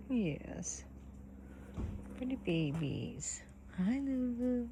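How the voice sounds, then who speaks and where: A woman filming her farm animals, chatting casually and talking to them in a gentle, coaxing voice. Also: lowish voice, steady tone, takes it slowly, vocal fry, pauses often. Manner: gentle baby-talk to animals, frequent soft laughs. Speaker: farm vlogger. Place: outdoors on a small farm. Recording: outdoor farm noise, animals behind. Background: animal sounds and outdoor ambience.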